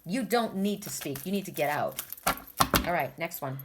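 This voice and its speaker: A woman's voice: on the low side, expressive, moderate pace, background noise. An older woman talks through an oracle card reading in a loose, chatty way. She rambles, stops to restart her sentences, and laughs now and then. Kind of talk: casual spiritual card reading.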